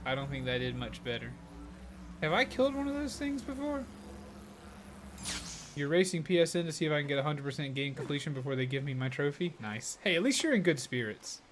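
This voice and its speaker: A man's voice: medium pitch, quick pace, few pauses, background noise. A man streaming a game live, chatting casually and upbeat, often thanking viewers. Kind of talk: casual live gaming commentary.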